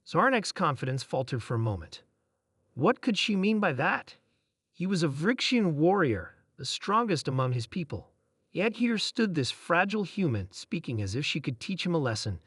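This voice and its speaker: A male narrator reading a scripted sci-fi tale with a steady, dramatic delivery. His pitch moves freely, and the close, dry recording has no room sound. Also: moderate pace, slightly rough, no room sound. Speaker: story narrator.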